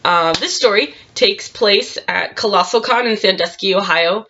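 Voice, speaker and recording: Bright-voiced woman telling a story. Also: mid-range voice, normal speed, a little hiss or hum. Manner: chatty, frequent laughs and fillers. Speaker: cosplayer telling a convention story. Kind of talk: casual storytime vlog. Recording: dull lo-fi sound.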